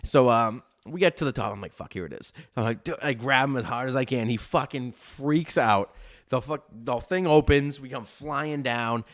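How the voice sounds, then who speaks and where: A man's voice: medium pitch, normal speed. A man, telling a long, profane, rambling story in casual podcast chat. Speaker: podcast host.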